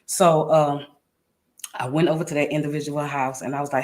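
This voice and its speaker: A woman's voice: low voice, flat delivery, fairly quick, a little mellow. Earnest woman telling her own story. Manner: earnest, emphatic, repeats phrases for weight. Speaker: guest. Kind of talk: candid personal storytelling.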